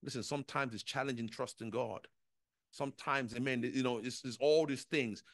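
A man's voice: mid-range voice, normal speed, no room sound, rough recording. A male pastor giving an urgent, pleading altar call in church, with many repeated lines.

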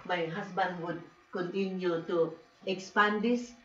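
A woman's voice: on the low side, a little slow. A woman with a Filipino accent giving an emotional personal testimony, speaking broken English mixed with Cebuano. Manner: emotional, animated storytelling, laughs often. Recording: roomy, distant, dull lo-fi sound.

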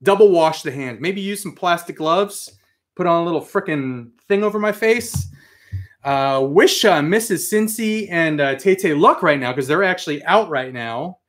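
A man hosting a casual live stream, reading out viewer comments with excitable, mildly profane chatter. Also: on the high side, normal speed. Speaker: host of a live toy and comics stream.

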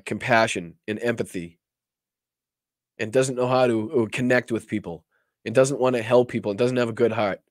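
This political talk show host, a man with a medium-pitched voice, runs a livestream in a casual style, swearing a lot and rambling through restarts. The studio sound is clean, with no room echo.

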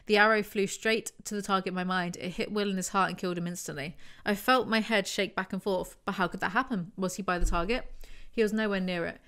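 A woman's voice: mid-range voice, a bit bright, clear, resonant tone. A woman reviewing a novel, reading passages aloud and breaking off for snarky, wry asides. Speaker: book commentary YouTuber. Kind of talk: reading book passages with sarcastic commentary.

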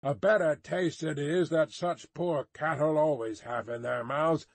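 A man voicing a rueful, sardonic male tavern customer, with drawn-out remarks. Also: a little high, fairly even intonation, no room sound.

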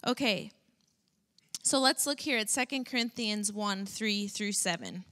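A woman preaching a sermon to a congregation, animated and now and then acting out whiny complaints in a high voice. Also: a little slow.

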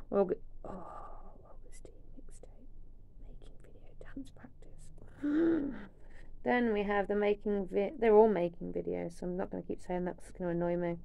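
A woman's voice: mid-range voice, creaky, smooth, narrow, tinny audio. A young woman chatting casually through an unboxing, swearing now and then and dropping into whispers. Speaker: vlogger.

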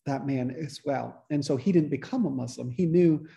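A man, a priest, giving a relaxed, conversational teaching talk to a church study group, restarting his sentences often. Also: a little high, moderate pace, creaky, dull audio. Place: church meeting room.

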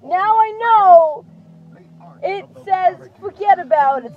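A young woman chatting in a casual daily vlog, swearing freely and protesting loudly when teased. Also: extremely high pitch, slow pace, faint music behind. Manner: animated, swearing, indignant protests. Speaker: vlogger. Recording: dull lo-fi camera audio, faint hiss.

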